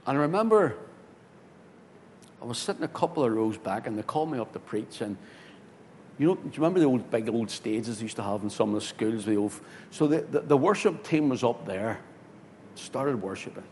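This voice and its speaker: A man, a pastor telling a story in a sermon, swinging from loud, excited bursts to hushed tones. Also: a little fast. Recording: hall reverb with faint rumble.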